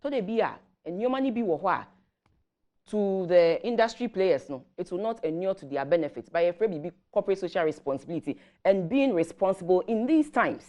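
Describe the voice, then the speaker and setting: A Ghanaian-accented woman explaining government policy on a morning show, measured and switching between Twi and English. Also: lowish voice, lively intonation, mellow. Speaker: government guest commentator.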